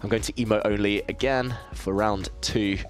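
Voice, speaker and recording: A man with a low, deep voice talks through his chess moves on a live stream. He thinks aloud, chats easily with his viewers and pokes fun at himself. Soft music plays faintly behind him. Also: fairly even intonation, normal speed. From southeast England. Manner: thinks aloud, self-deprecating, chatty with viewers. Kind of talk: casual live-stream commentary while playing.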